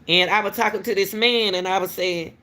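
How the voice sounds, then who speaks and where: A woman, a school crossing guard, casually telling viewers a story in an animated way and calling out to them often. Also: mid-range voice, fairly quick. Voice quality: talks straight to viewers with repeated "y'all", animated and laughing.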